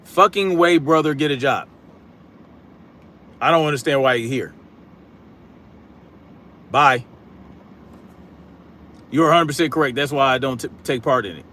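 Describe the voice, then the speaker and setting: A man's voice: mid-range voice, measured pace, pauses often, sharp tone. A man hosting a political live stream, talking bluntly and combatively, projecting his voice, reading chat comments, and using casual slang. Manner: casual slang, repeats catchphrases.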